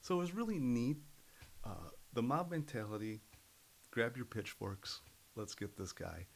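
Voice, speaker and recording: A middle-aged man, a podcast guest, telling stories in an earnest, animated way. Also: medium pitch, a little slow, vocal fry, a little hiss or hum, poor audio. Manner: earnest, animated storyteller who acts out other people's voices. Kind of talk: casual storytelling interview.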